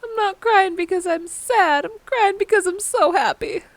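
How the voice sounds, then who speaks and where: A woman's voice: very high-pitched, moderate pace, no room sound, voice pushed up. A woman voicing an earnest young skeleton man returning home, reading his lines with feeling. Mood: joyful.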